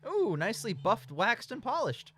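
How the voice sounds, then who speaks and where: A man's voice: extremely high pitch, sing-song, moderate pace. Sarcastic man nitpicking a movie. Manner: sarcastic, nitpicking, swears freely. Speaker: co-host reviewing a film. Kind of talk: casual riffing commentary.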